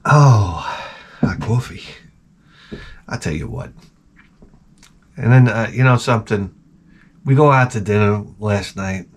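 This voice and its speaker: A man's voice: lowish voice, normal speed, pauses often. A man in his forties telling rambling, profane comic anecdotes in casual chat as a podcast host.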